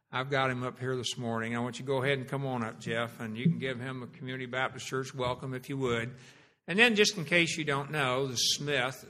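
Church pastor, male, mid pitch, bright tone, friendly introductions. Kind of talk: introducing a guest speaker. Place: church sanctuary.

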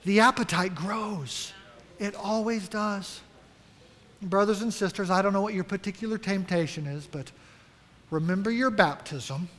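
Male pastor, high voice, earnest sermon with questions to the flock, reverberant church hall. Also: unhurried, a bit bright. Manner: earnest, direct, asks the congregation questions.

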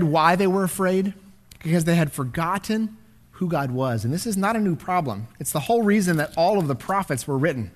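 A man with a high voice preaches a dramatic sermon. He swings from loud, ringing declarations down to near-whispers as he reads and explains scripture. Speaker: pastor.

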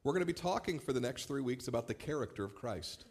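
A man, a pastor, preaching a sermon in a relaxed, storytelling way with light humor. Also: mid-range voice, fast, breathy edge. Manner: conversational storytelling with warm humor.

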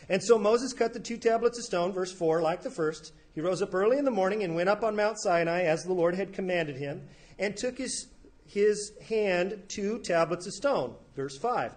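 A man's voice: high-pitched, normal speed, darkish tone. A man preaching a sermon as pastor, telling the story in a conversational way and briefly acting out the people he quotes. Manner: conversational storytelling, acts out quoted characters casually.

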